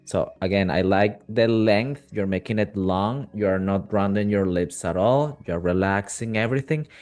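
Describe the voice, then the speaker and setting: A man's voice: lowish voice, moderate pace, a little mellow, soft background music. A man whose first language is Spanish teaching a live online English pronunciation class over a video call, patient and encouraging as he models sounds.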